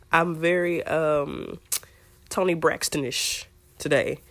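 A young woman hosting a podcast in a casual, chatty way, her voice hoarse and a little raspy from a scratchy throat. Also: deep voice, extremely slow, no room sound. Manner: chatty and playful, talks straight to listeners. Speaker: podcast host. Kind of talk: casual chat.

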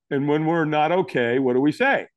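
A middle-aged American man, a guest in an interview, tells a personal story and acts out the lines of the people in it. He is an animated storyteller with a voice on the high side, speaking at normal speed with no room sound.

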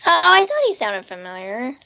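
Gravelly woman on a dull, dry mic. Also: fairly high pitch, normal speed. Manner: relaxed, hesitant with fillers. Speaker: podcast co-host. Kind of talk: casual chat.

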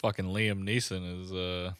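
A man with a fairly low but bright voice trades dry, profane remarks in a casual movie chat. The sound is close and dry, with no room echo, and his asides come out flat and matter-of-fact. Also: unhurried, clear, resonant tone.

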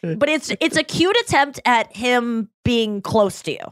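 Animated woman telling a story. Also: fairly high pitch, measured pace, no room sound, studio quality. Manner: animated storyteller acting out quoted voices, many "like" fillers. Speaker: podcast co-host. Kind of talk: casual chat.

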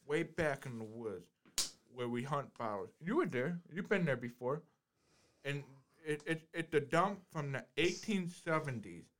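A man's voice: on the high side, animated, a little slow, fairly bright tone. A man telling a rambling childhood story in a casual chat, repeating himself and swearing.

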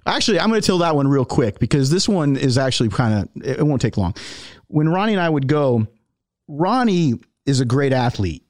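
A man's voice: medium pitch, sing-song, fairly quick, darkish tone, no room sound, studio quality. A man hosting a podcast, casually telling a long story to a friend and laughing often. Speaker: podcast host.

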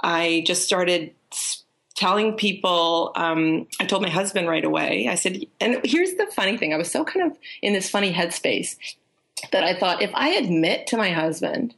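A woman's voice: moderate pace, vocal fry. A woman, a life coach, telling stories in a casual interview, rambling with restarts and acting out what people said. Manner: animated, acts out quoted people in a higher voice.

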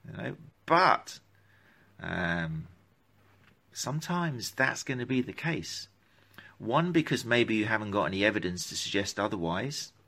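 This running gait analysis clinician has a lowish, creaky voice that is bright and forceful, swinging widely in pitch at an unhurried pace. He talks casually on a live stream, taking viewer questions in a rambling, self-interrupting way.

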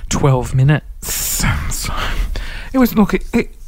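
A man's voice: on the high side, big pitch swings, takes it slowly, darkish tone, no echo. Dramatic, swearing male storyteller. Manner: dramatic, swearing, acts out his own rants. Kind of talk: casual storytelling.

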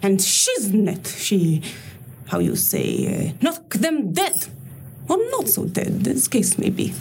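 Mock-Russian strip club boss. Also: female voice, medium pitch, huge pitch swings, slow, vocal fry, darkish tone, husky, full character voice. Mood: scheming. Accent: put-on Russian. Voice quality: broken English, theatrical. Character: brash money-minded woman who runs a strip club. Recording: film clip with music behind.

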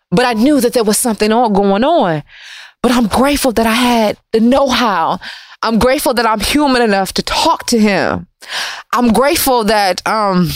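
A woman recounts a personal encounter in a candid, reflective monologue. Her voice sits at a middle pitch and leaps up and slows down when she stresses a point. The studio sound is dry and close. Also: dry recording. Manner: candid, reflective, swings in pitch and pace for emphasis. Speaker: vlogger recounting a personal story. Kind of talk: casual storytelling monologue. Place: recording studio.

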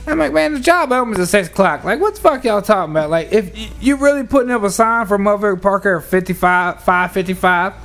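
Man, high voice, rambling profane storyteller, casual podcast chat. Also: animated, fast talker, hardly any pauses, fairly bright tone, soft background music. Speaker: podcast co-host.

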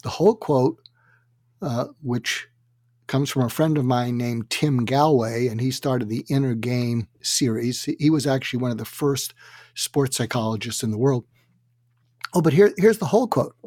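A man telling anecdotes as an interview guest, animated and acting out quotes, with frequent fillers. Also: mid-range voice, moderate pace, no room sound, clean studio sound. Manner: animated, acts out quotes in other voices. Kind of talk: anecdotal storytelling.

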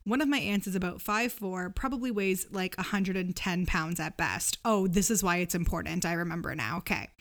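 A woman's voice: fairly low pitch, brisk, few pauses, fairly bright tone. Woman, podcast co-host, reads a listener's story aloud, casual, giggly asides.

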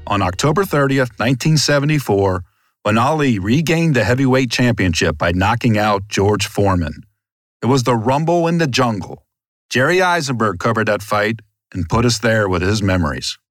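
A man hosting a podcast, introducing a segment in a measured way. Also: medium pitch, animated, dry recording, clean studio sound. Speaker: podcast host. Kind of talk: scripted intro and interview questions.

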